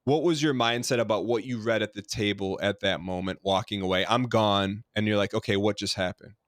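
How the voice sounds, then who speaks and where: A man's voice: lowish voice, brisk, no room sound, studio quality. A man hosting a podcast, asking long rambling questions full of restarts and fillers. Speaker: podcast host. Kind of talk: casual interview talk.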